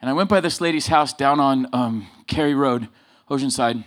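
A man preaching a sermon full of personal stories, swinging between loud emphasis and low asides. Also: normal speed. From Southern California.

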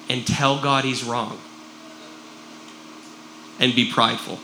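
A man preaching a sermon to a congregation, animated and jokey, with frequent "right?" asides. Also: medium pitch, slow pace, pauses often, background noise. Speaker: pastor. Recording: roomy echo.

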